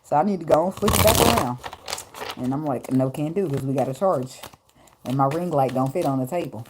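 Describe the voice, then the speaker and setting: A woman with a bass voice, speaking a little fast, offers a casual, joking, profanity-laced tarot reading to viewers from her phone at home. This spiritual reading vlog comes through as a noisy phone recording.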